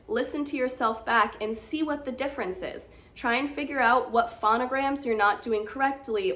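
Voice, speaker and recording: An American woman coaching the accent, encouraging and clear as she walks learners through examples. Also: a little high, fairly bright tone. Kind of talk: teaching lesson to camera.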